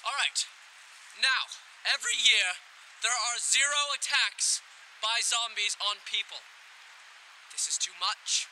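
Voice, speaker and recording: A man's voice: extremely high pitch, takes it slowly, pauses often, bright, forceful tone, slight background noise, full character voice, poor audio. A man playing a pompous 1950s educational film professor, lecturing with dramatic outbursts. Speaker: host of a mock instructional film.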